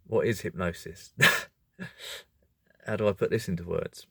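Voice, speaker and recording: A man hosting a video, explaining in a casual monologue, animated and self-correcting, often breaking into laughter. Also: deep voice, takes it slowly, creaky, husky, no echo, studio quality. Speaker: video host.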